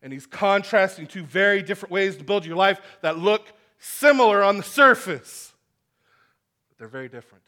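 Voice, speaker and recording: A man preaching a sermon to a congregation, animated and acting out the voices in his stories. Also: sits high, moderate pace. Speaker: pastor. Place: church hall with congregation.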